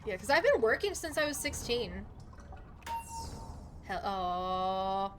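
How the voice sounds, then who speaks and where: A young adult woman streaming a game live, chatting casually and swearing constantly, with loud outbursts. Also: medium pitch, sing-song, slow, background noise. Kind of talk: casual gaming livestream chat.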